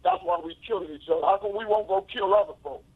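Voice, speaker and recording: Angry caller, grieving, fairly high and husky, phone line. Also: male voice, big pitch swings, fast. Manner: angry, emphatic, repeats himself. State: grieving and upset. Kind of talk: call-in radio talk.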